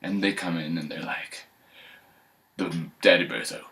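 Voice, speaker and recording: A man's voice: deep voice, expressive, a little slow, sharp tone. A man casually retelling a fairy tale, rambling with joking asides.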